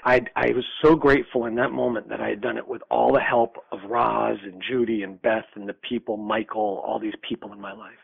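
Gravelly older man on a tinny line. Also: medium pitch, fairly even intonation, fairly quick, hardly any pauses, no room sound. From New York, USA. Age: 60s. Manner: earnest, reflective, reenacts dialogue. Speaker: guest. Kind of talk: personal storytelling. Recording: tinny phone-like line, dry.

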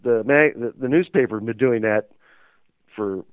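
A man's voice: medium pitch, moderate pace, dry recording. A man telling a story as an interview guest, rambling and hesitant with many fillers. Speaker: interview guest, magazine owner. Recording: tinny phone line.

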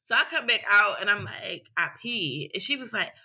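A woman in casual chat, telling an animated, profane story. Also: medium pitch, moderate pace, slightly rough. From Philadelphia.

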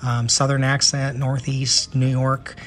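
A man's voice: mid-range voice, completely flat delivery, measured pace, fairly bright tone. An American man hosting a casual travel podcast, chatty and enthusiastic, often repeating words as he thinks. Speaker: podcast host.

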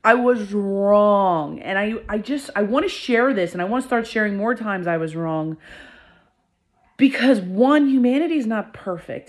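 A young adult woman hosting her own podcast, telling a personal story in a candid, emphatic way and repeating words for effect. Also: medium pitch. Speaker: podcast host.

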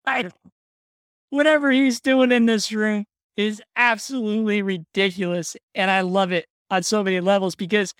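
Podcast co-host: a woman, mid-pitched, gushing and chatty, dry close sound. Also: moderate pace, clear, resonant tone, dry recording. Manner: excitable, laughs often, says "like" a lot. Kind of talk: casual chat about a film.

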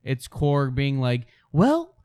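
A young man in casual chat, relaxed and agreeable, sometimes mimicking characters for a laugh. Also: a little high, brisk.

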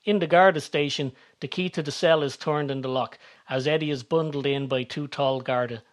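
A man narrating a story in a steady, descriptive reading voice. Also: a little high, moderate pace.

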